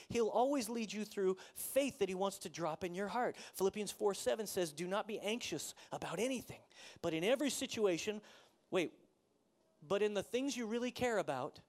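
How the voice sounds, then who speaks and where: A pastor preaching a sermon in a conversational way, asking the congregation questions and acting out the people in the story. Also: male voice, sits high, a little mellow. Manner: conversational preaching, asks the audience questions, acts out quotes.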